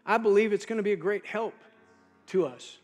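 A man preaching a sermon as pastor, dropping to a soft low voice when he quotes Jesus. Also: normal speed, soft background music.

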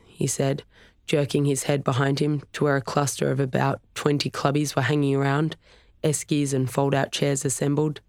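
A narrator giving a steady, measured scripted reading of a novel. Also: mid-range voice, no room sound, clean studio sound. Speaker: audiobook narrator.

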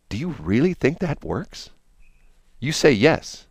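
A man's voice: mid-range voice, sing-song, slow, husky, no echo, clean studio sound. A man hosting a casual chat, playfully teasing and interrupting his co-host.

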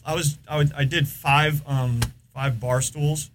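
A man's voice: on the high side, fairly even intonation, unhurried, slight background noise. Rambling American man telling shop stories. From United States. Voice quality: rambling, filler-heavy storytelling. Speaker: podcast guest. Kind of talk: casual chat.

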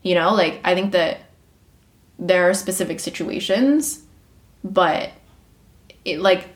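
A young woman co-hosts a casual podcast, telling stories animatedly, acting out quotes and laughing often. She speaks slowly in a fairly low voice, and the sound is roomy.

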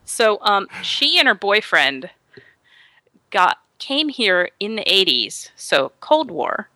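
Animated woman telling a story. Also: mid-range voice, slow, no room sound. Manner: animated, quotes people in voices. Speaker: guest storyteller. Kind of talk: casual storytelling chat.

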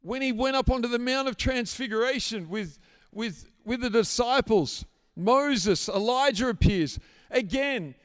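A man preaching a sermon in a church hall, swinging from hushed prayer to emphatic shouting. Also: very high-pitched, measured pace, clean tone. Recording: echoey hall reverb.

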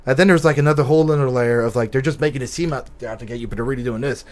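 A man's voice: medium pitch, very fast, darkish tone. A man chatting casually on a podcast, loose and profane, laughing between thoughts. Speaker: podcast co-host.

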